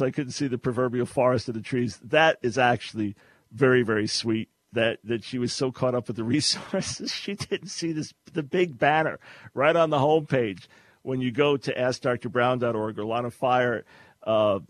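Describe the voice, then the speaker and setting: A man's voice: mid-range voice, fairly even intonation, normal speed, dry recording. An older man from New York with a New York accent, hosting a talk radio show in a casual, sarcastic way and laughing often. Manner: sarcastic, laughs often while telling a story.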